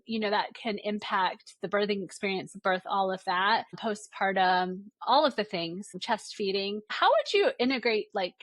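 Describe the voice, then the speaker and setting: A woman born in Ireland hosts a podcast conversation, chatty and quick to laugh. Her voice sits slightly high. The sound is dry and close, with no room around it. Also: a bit bright, dry recording. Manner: chatty, laughs often, picks up others' accents. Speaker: podcast host, pediatrician.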